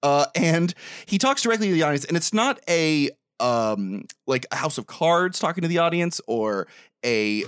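A man co-hosting a casual podcast chat, playful and quick to laugh. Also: on the high side, clean tone, no room sound, clean studio sound. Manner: laughs often, playful and animated. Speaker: podcast co-host.

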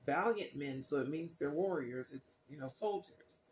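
A man's voice: on the high side, animated, moderate pace, echoey room, slight background noise. A man reading scripture aloud and commenting on it in a loose, skeptical way, with many fillers and restarts. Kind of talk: casual spoken commentary on scripture.

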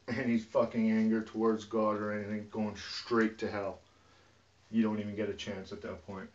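Brief: agitated man, heavy swearing, sudden shifts from mumbling to shouting, dull lo-fi sound. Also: fairly low pitch. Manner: profane and agitated, swinging from muttering to yelling. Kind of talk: rambling emotional rant to camera. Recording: distant, dull lo-fi recording.

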